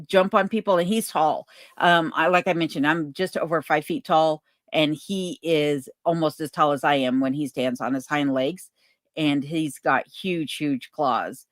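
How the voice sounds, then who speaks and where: A woman hosting a casual livestream Q&A from her cabin, reading viewer comments aloud and answering in an unhurried way with plenty of ums. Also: deep voice, no room sound, studio quality. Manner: relaxed, unhurried, many ums, reads chat comments aloud. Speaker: channel host answering viewer questions. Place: home cabin in remote Alaska.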